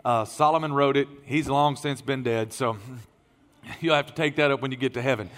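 A middle-aged man preaching as a pastor, his voice strained and tired, swinging from emphatic raised lines to quiet asides. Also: medium pitch, fairly even intonation, moderate pace. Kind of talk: sermon. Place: church sanctuary. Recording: long reverb of a large hall.

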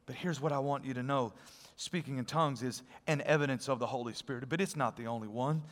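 A male pastor preaching a sermon, telling stories in an animated way and dropping to a hushed, earnest tone. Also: mid-range voice, quick pace, big-room sound. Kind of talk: sermon with storytelling.

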